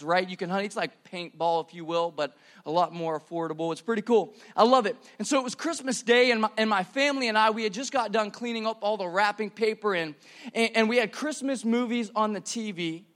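A man's voice: high voice, a bit bright. A young man preaching a sermon in a church, casual and slangy, often repeating words as he starts a sentence.

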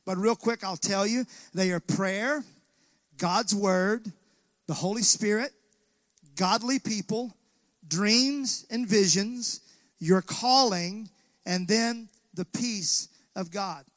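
A man's voice: high-pitched, slow, fairly bright tone, no room sound. A man preaching a sermon as pastor in a church, calling out to the congregation and asking them to answer back. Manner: preaching with call-and-response to the congregation. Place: church sanctuary.

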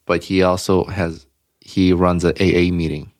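A man's voice: low voice, flat delivery, moderate pace, a little mellow, no room sound, clean studio sound. A man co-hosting a podcast in casual chat, laughing often as he retells funny scenes and swearing freely. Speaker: podcast co-host.

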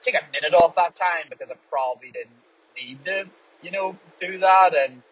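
A man's voice: high voice, moderate pace, a bit bright, slightly rough, dry recording. A man, a runner, talking candidly in a casual rambling monologue while driving a small car, swearing freely. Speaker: distance runner and podcast host. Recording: dull audio, faint road noise.

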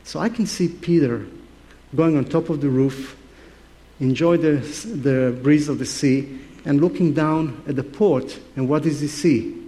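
A male preacher delivers a sermon, his voice sitting a little high. He tells the story with animated, playful energy and talks straight to the congregation. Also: unhurried.

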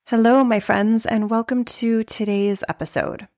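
A middle-aged woman hosting a life coaching podcast, talking openly and reflectively about feeling sad, with frequent restarts and soft pauses. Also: fairly high pitch, steady tone. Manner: open, reflective, with many restarts and soft laughs. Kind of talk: personal podcast monologue.

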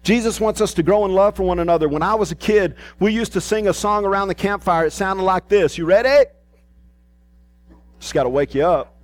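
A male pastor preaching an animated sermon, swinging between emphatic rises and soft low asides. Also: brisk.

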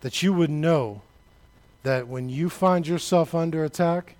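A man preaching a sermon, talking straight to the congregation, building to shouted peaks and then dropping low and quiet. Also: a little slow. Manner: conversational, addresses the congregation directly.

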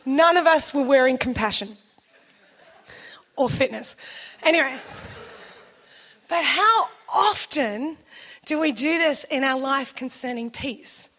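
A middle-aged woman telling a story in a sermon, animated and acting out quotes with laughs. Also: high voice, slow pace, pauses often. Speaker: preacher.

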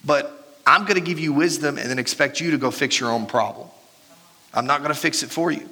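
A man in his thirties preaching a sermon as pastor, animated and joking, laughing at his own stories. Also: on the high side, a little fast. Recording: reverberant hall with faint music.

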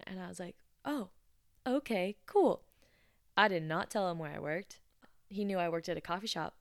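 A woman in her twenties hosting a podcast, telling funny stories from her coffee shop job in a casual, animated way and acting out the dialogue. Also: lowish voice, no echo, studio quality. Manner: animated, breathy laughs, acts out dialogue. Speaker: podcast host. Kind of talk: casual storytelling.

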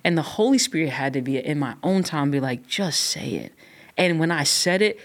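A woman's voice: deep voice, animated, brisk. A woman guest on a podcast, talking with passion and emphasis as she shares her faith story. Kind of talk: casual podcast conversation.

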